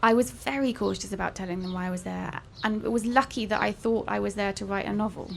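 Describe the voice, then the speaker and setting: A woman's voice: medium pitch, steady tone, quick pace, creaky, a little hiss or hum. A young woman author chatting candidly at a bookshop event, telling wry stories about her travels. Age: young adult. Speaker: author guest.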